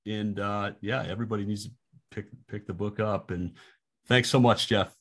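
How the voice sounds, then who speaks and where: A man's voice: on the low side, steady tone, normal speed, a bit bright. A man hosting a podcast interview, talking loosely with lots of restarts. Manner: rambling, full of fillers and restarts. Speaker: podcast host. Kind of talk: casual interview chat.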